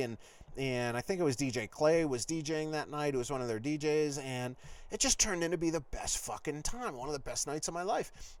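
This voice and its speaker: A man hosting his own podcast, telling a rambling personal story with lots of swearing and animated asides. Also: fairly high pitch. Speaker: podcast host.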